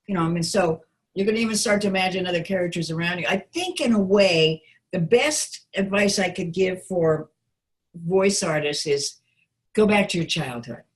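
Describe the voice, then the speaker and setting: A woman voice coach talks in a relaxed, playful way, sitting a little low for a woman. She chats loosely, full of fillers and asides. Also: fairly quick. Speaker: voice actress and coach. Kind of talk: casual interview chat.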